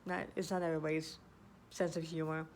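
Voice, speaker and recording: An earnest woman gives casual advice in a low-pitched voice. She circles back and restarts her sentences. A faint hum of background ambience sits behind her. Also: flat delivery, a little fast. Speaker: vlogger. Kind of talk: casual advice talk to camera.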